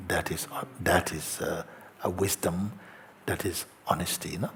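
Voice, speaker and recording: Slow, soft-spoken man giving a spiritual talk. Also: low voice, steady tone. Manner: slow, gentle, soft-spoken with long pauses. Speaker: spiritual teacher. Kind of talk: satsang talk, reading a letter aloud. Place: outdoor gathering with faint ambience.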